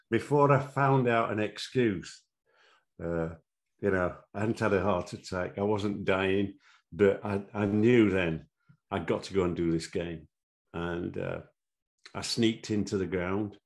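Brief: man in his 70s, rambling anecdotal guest, low voice. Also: fairly even intonation, a little slow. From Sheffield, England. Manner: rambling with fillers, chuckling. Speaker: interview guest, former referee. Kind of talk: anecdotal interview storytelling.

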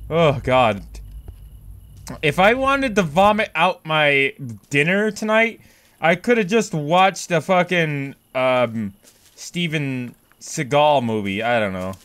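A young man giving let's play commentary, bursting into loud panicked yells and swearing. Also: on the high side, expressive, slow. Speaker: gaming YouTuber.

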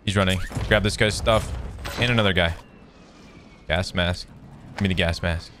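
A man giving excitable, joking gameplay commentary with sarcastic trash talk while playing a shooter game. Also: sits low, moderate pace, slight background noise. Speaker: gaming video creator. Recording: loud game gunfire behind voice.

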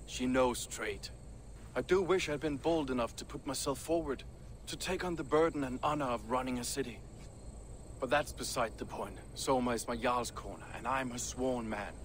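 A man's voice: mid-range voice, normal speed, slight background noise, lightly acted. An actor playing a loyal male Viking warrior sworn to his jarl, speaking earnestly in formal, old-style phrasing.

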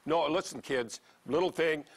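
A man hosting a hockey corner on TV, and he sounds it: blunt, excitable and ready to argue. His voice sits high for a man and jumps around as he gets worked up. He lectures the kids at home one moment and bickers with his co-host the next. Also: normal speed. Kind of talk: sports talk banter.

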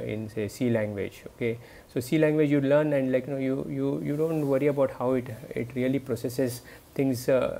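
A man's voice: medium pitch, gravelly, dark tone. A man giving a recorded university lecture, talking students through examples hesitantly, with many fillers and restarts. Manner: explanatory, addresses students directly.

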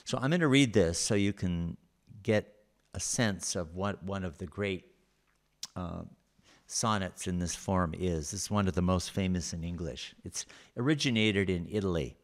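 A man with a fairly low voice gives a recorded lecture, talking through slides one point at a time. He speaks slowly and patiently, with many pauses between phrases. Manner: unhurried, explanatory, with frequent pauses.

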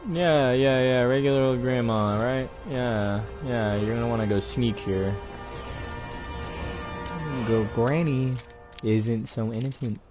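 A man's voice: mid-range voice, slow, music in the background. A young man giving laid-back, chatty gameplay commentary and talking to his viewers. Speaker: gaming host.

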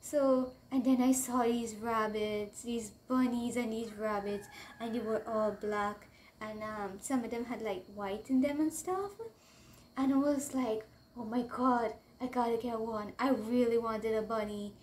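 A young Trinidadian woman chats straight to her camera in a loose storytime, her voice pitched high and bright. She rambles and gets excited, and her accent thickens into local dialect as she goes. A faint hiss of noise sits under her voice. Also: a little slow. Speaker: vlogger. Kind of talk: casual storytime chat to camera.

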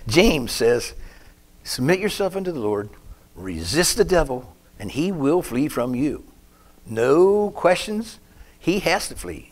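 A man preaches a sermon in a fairly low, creaky voice, spinning his stories in a folksy, rambling manner. He often breaks off into asides about himself, and his voice rises and grows louder whenever he drives a point home.

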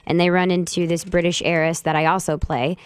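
A woman's voice: lowish voice, little pitch movement, a little fast, smooth, dry recording. A young actress on a radio show, friendly and easygoing as she describes her film. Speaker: actress guest. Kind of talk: radio interview.

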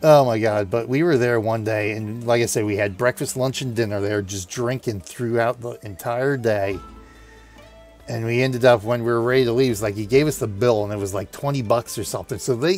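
Chatty man rambling through an anecdote. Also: mid-range voice. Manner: chatty, laughing, many restarts. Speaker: gaming video host. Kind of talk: rambling anecdote over gameplay.

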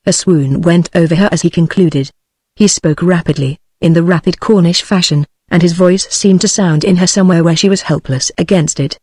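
A computer-generated woman's voice with a British English accent, reading a novel aloud at an even, synthetic pace. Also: on the low side, moderate pace, slightly rough, dry recording. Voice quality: synthetic, evenly paced. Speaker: audiobook narrator. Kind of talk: text-to-speech audiobook reading.

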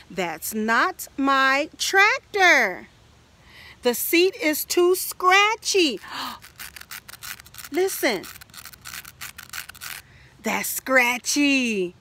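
A woman, an early childhood educator, reading a picture book aloud to toddlers in a slow, sing-song way and asking the child questions. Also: high voice, big pitch swings, pushed and bright, no room sound.

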